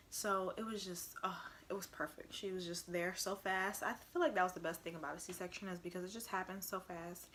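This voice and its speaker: A woman's voice: lowish voice, fairly bright tone, a little hiss or hum. A young woman casually telling a personal story to camera, chatty and full of "like", acting out what others said. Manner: chatty, heavy use of "like", acts out quotes. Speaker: vlogger.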